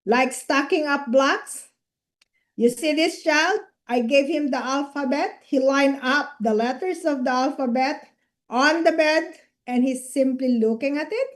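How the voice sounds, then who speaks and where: A woman lecturer giving a clinical lecture in a measured, explanatory way, checking in with students through short tag questions. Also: sits high. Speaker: medical lecturer.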